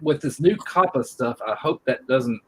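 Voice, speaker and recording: A man's voice: medium pitch, expressive, normal speed, a bit bright, breathy edge, low-quality recording. A middle-aged man hosting a live stream, chatting in a rambling, friendly way full of fillers. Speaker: coin channel host. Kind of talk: casual chat on a live stream.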